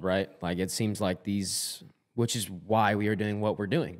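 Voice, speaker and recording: A man's voice: lowish voice, a little mellow. A man co-hosting a podcast, a former player and coach, talking in a blunt, fired-up way and swearing freely. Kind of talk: casual podcast chat.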